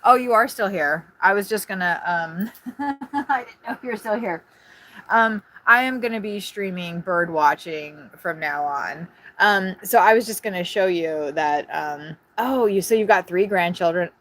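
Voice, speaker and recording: A woman live-streaming from inside her RV on a phone propped on a tripod, chatting quickly and jumping from one thing to the next. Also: medium pitch. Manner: fast, scattered, excitable chatter. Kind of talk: casual live-stream chat. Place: inside an RV at a campground.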